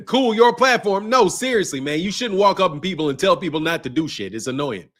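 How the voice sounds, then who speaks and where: A man with a fairly high speaking voice hosts a boxing livestream in a loose, profane rant. He laughs between lines and keeps tacking "bro" onto them. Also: expressive, brisk, a bit bright.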